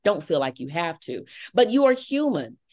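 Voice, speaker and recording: Low-voiced woman podcast host. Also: sing-song, a little mellow. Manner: measured, explanatory delivery. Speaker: podcast host and speaking expert. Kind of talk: conversational podcast interview.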